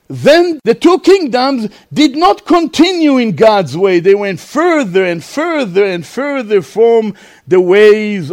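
Man, preacher, sermon, high voice, slow and emphatic, drawn-out scripture reading. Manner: slow, emphatic, swinging sharply between high and low; drawls out words in scripture quotes.

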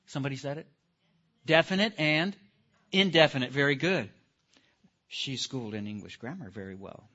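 A man's voice: medium pitch, animated, moderate pace, long pauses, pushed and bright. A man lectures to a live class, stressing key words and tossing questions at his listeners. His voice sits in a middling register. The recording is muffled and lo-fi. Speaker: teacher. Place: room with a live audience. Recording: dull lo-fi recording.

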